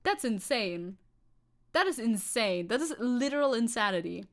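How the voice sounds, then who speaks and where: Young german girl vtuber just chatting, kinda high voice, giggly, voice shoots way up when she gets hyped. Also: normal speed. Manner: chatty, laughs often, reads chat aloud, jumps high when excited. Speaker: VTuber streamer. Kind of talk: casual livestream chat.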